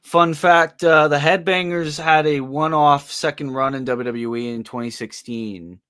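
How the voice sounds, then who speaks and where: A man hosting a wrestling watch-along in a relaxed, chatty way. His voice sits a little high for a man, and he drops in trivia and laughs along with his co-hosts. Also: a little slow, clear, resonant tone. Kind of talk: casual chat.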